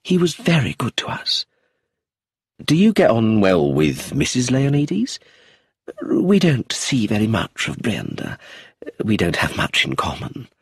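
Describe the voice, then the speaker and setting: Poised stage actress in middle age, put on by a husky-voiced male narrator, slow and dignified, pitch swings widely. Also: huge pitch swings, no echo, studio quality, heavily acted. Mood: calm. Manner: slow, dignified, theatrical delivery.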